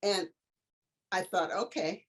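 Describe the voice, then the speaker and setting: Her voice is on the low side and she takes her time. She's a middle-aged author and tutor, recounting a story in an animated way during an interview and imitating the voices of those in it.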